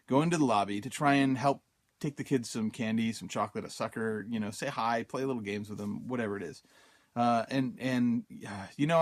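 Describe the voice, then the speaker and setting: A man hosting a self-help podcast, telling a personal story casually, with many fillers, and acting out his own thoughts in quotes. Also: mid-range voice. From Utah, USA. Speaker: podcast host.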